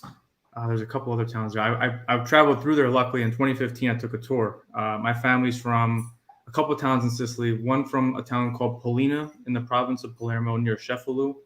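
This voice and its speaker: A man's voice: medium pitch, little pitch movement, quick pace, a bit bright. Friendly, curious male guest. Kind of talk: casual chat.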